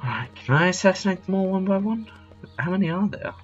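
A man's voice: high voice, lively intonation, brisk, breathy edge, dull audio, faint music behind. A man narrating his own play of a stealth game, joking, swearing and talking to himself as he goes. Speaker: gaming channel host. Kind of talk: let's play commentary.

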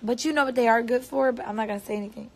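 A woman's voice: fairly high pitch, fairly even intonation, rapid-fire. A young woman chatting casually on a livestream, playful and rambling, with silly noises thrown in. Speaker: singer livestreaming on tour.

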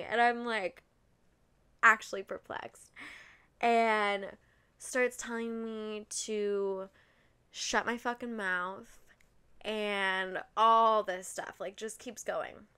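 A woman's voice: mid-range voice, slow pace, clear, resonant tone. A young woman hosting a podcast, telling a personal story in a candid, casual way, swearing freely and saying "like" often. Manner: candid and expressive, swears freely, many likes. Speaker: podcast host.

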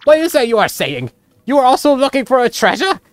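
A woman's voice: high voice, big pitch swings, a little fast, pitched above the performer's own voice. Brief: woman voicing a grandiose male merchant, over-the-top fake-Italian flair, faint music behind. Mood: boastful. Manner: theatrical fake-Italian phrasing, grand boasts. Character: pompous rich male merchant, dramatic and greedy. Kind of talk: voicing game dialogue aloud.

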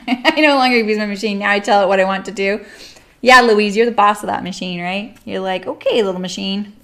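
A woman's voice: mid-range voice, a little fast, fairly bright tone. A middle-aged woman chatting casually with viewers of her live stream while she sews, rambling and laughing often.

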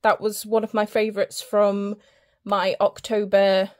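With a medium-pitched, flat delivery and no rush, a book vlogger tours her home library casually. She's holding the camera, a bit breathless, chatty, and prone to stumbling over what she says.

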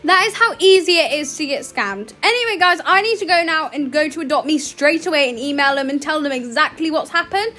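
A woman's voice: high-pitched, expressive, fairly quick, hardly any pauses, sharp tone. A woman, chatting in a rambling, emotional way as she records commentary over her own game. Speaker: gaming YouTuber.

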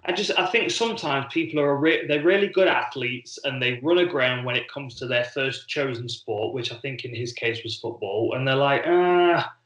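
A man chats casually on a podcast, drifting from point to point and stumbling over repeated words as he gathers his thoughts. His voice sits at a middle pitch and rings around a roomy, echoey space. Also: moderate pace, few pauses. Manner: relaxed, rambling, repeats words while thinking. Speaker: podcast co-host, former fighter. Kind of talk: casual chat. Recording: echoey room.

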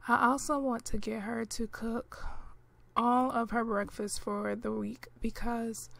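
A woman narrating her life-simulation gameplay in a relaxed, chatty way, with lots of fillers, clearing her throat now and then. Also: fairly high pitch, measured pace. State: clearing throat, hiccuping and coughing. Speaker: gameplay commentator.

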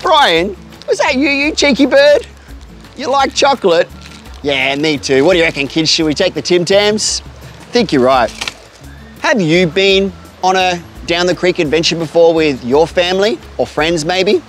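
Animated Australian man hosting for kids. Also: fairly high pitch, normal speed, soft background music. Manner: upbeat, talks straight to children and a pet bird. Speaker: host of a kids' outdoor show. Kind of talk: kids' outdoor adventure vlog. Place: outdoors by a creek.

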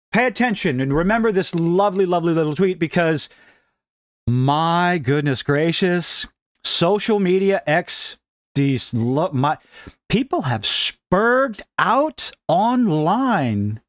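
A man's voice: high-pitched, slow pace, dry recording, clean studio sound. A middle-aged man hosting a ranting, sarcastic gaming commentary vlog, mocking as he talks. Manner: sarcastic, mocking, animated delivery.

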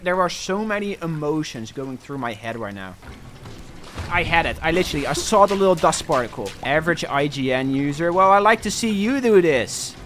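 A young man commentating his own gameplay, excitable and swinging between panic and cocky boasting. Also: on the high side, moderate pace, faint music behind. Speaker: gaming streamer.

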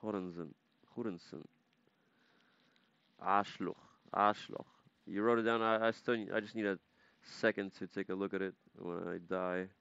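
A man's voice: sits low, fairly even intonation, moderate pace, creaky, fairly bright tone, clean tone, dry recording, dull audio. A man streaming a game, casually chatting and playfully repeating foreign words to practice them. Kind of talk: casual gaming live-stream chat.

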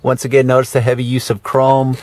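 In a dry recording, a car detailer with a mid-range, darkish voice talks briskly and in a monotone while showing off a parked luxury car. He's chatty throughout the handheld tour, dropping sarcastic asides and frequent fillers.

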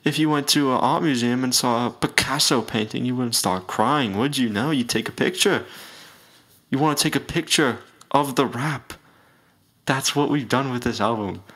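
A man's voice: mid-range voice, moderate pace, fairly bright tone, breathy edge. A man in a comedy skit, playing a self-important rapper who lectures earnestly and a bit pompously. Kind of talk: mock-earnest comedy announcement.

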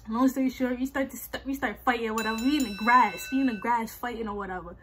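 A young woman with a husky voice, telling a storytime vlog in slangy, animated casual talk and repeating herself. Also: on the high side, fast talker, hardly any pauses, background noise. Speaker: vlogger. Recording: faint music behind.

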